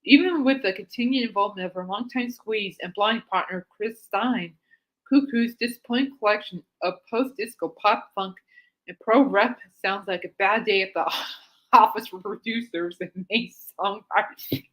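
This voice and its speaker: A woman's voice: medium pitch, moderate pace, a bit bright. Giggly woman host reading articles. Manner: giggly, breaks into laughter and apologizes, snorts when laughing; reads aloud then comments with amused asides. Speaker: podcast host. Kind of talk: casual podcast, reading articles aloud.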